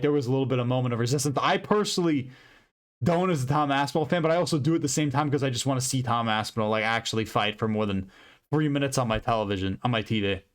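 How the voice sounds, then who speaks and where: A young man hosting a fight predictions channel, giving casual, profane, emphatic commentary with lots of rambling. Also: mid-range voice.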